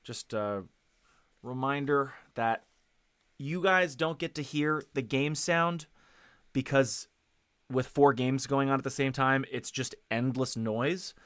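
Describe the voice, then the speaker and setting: A man streams a video game through a headset, rambling casually to viewers, correcting himself and filling gaps with ums. His medium-pitched voice is slow, a bit bright, and clean, recorded in a clean studio with no room sound.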